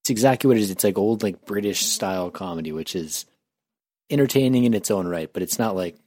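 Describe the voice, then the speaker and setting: A man's voice: lowish voice, brisk, darkish tone, no echo, clean studio sound. A man giving an offhand, laid-back opinion in a casual movie review chat.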